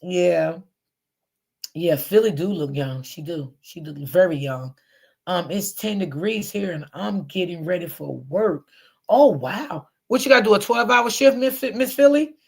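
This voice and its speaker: A middle-aged woman hosting a casual livestream, chatting warmly and reading out viewer comments. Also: fairly low pitch, normal speed, gravelly, husky. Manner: chatty, talks straight to viewers. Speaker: livestream host.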